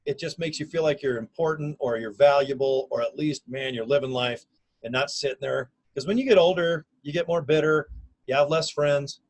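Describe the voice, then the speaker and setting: Fifties guy hyping his home business to camera, talks kinda high, lots of slang, super animated and punchy. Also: moderate pace, rough recording. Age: 50s. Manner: energetic, folksy, slangy and emphatic. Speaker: online business recruiter. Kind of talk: casual self-recorded video pitch. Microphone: camera or phone mic.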